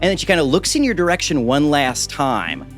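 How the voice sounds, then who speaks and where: A man running a tabletop game, narrating scenes in a lively, casual storytelling way. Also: on the high side, fairly quick, faint music behind. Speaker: game master.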